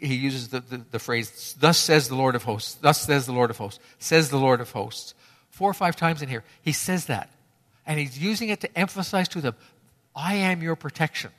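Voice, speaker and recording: A man's voice: fairly high pitch, lively intonation, normal speed, a bit bright, long reverb tail. A man preaching a sermon to his congregation, emphatic and fond of repeating key phrases for effect. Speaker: pastor.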